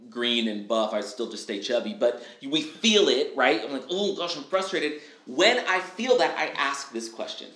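A man talking on a podcast, lively and casual, who acts out little quoted lines in other voices. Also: medium pitch, roomy sound. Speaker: guest speaker. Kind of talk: energetic podcast interview.

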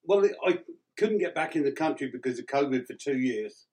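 A man's voice: medium pitch, animated, brisk, a little mellow, poor audio. A man from England with an English accent, a guest musician chatting easily in an interview and laughing often. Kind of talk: casual interview answers.

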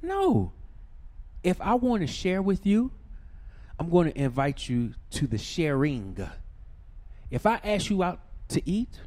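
A man telling a profane, ranting story, swinging from shouting to low muttering.

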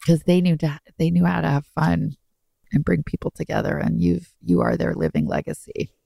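A woman's voice: fairly low pitch, little pitch movement, moderate pace, gravelly, mellow, no echo, studio quality. A woman co-hosting a podcast in casual chat, effusive and rambling. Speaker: podcast co-host.

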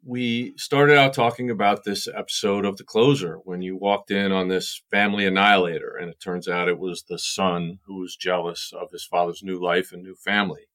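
Male host with a very low voice, calm short follow-up questions. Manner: brief listening replies, measured questions. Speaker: interview host. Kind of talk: casual interview.

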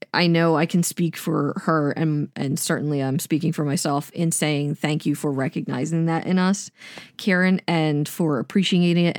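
A woman with a slightly low voice co-hosts a podcast in casual chat. She is enthusiastic, laughs a lot and swears freely. The sound is dry and close to the mic. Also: dry recording. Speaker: podcast co-host.

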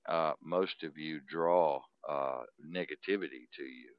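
Texan man, very low voice, rambling live-stream host who laughs a lot and keeps saying "you know"; dull, dry lo-fi audio. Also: unhurried, dry recording. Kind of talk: casual rambling monologue.

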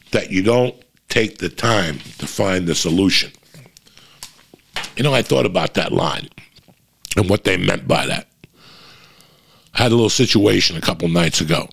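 Gravelly deep-voiced man telling stories. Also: a bit bright, slight background noise. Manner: profane, rambling, frequent restarts. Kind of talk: casual storytelling monologue.

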